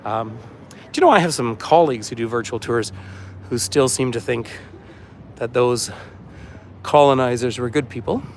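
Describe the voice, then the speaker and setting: A chatty man guides a livestreamed walking tour along a city street, rambling from sight to sight and reading viewers' comments aloud. His voice sits at an ordinary middle pitch, caught on a phone carried as he walks, with faint traffic noise around him. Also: moderate pace, pauses often. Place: outdoors on a city waterfront street.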